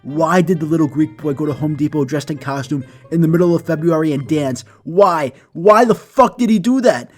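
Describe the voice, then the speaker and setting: A man voicing a bewildered woman schoolteacher whose confused questions build to shouts. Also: a little high, drawn-out words, hardly any pauses, faint music behind, exaggerated voice. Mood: baffled. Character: baffled, exasperated woman schoolteacher.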